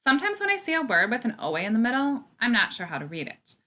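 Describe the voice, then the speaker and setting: A woman teacher leads a recorded phonics lesson, her pitch rising and falling in a lively, animated way. She speaks slowly and clearly and sounds encouraging.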